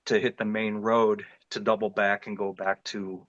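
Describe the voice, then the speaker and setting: A middle-aged man from northeast Ohio tells his story in a low voice, earnest and detailed, often circling back to restart a phrase. The sound is dry, with no room around it, and a little dull and lo-fi. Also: flat delivery, normal speed, a bit bright, dry recording. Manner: earnest, vivid retelling with frequent restarts. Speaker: interview guest recounting an encounter. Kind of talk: personal storytelling in an interview.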